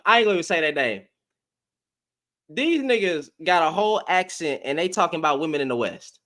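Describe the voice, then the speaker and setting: A man ranting in a casual, slangy reaction commentary, heated with loud bursts. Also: fairly high pitch, lively intonation, brisk.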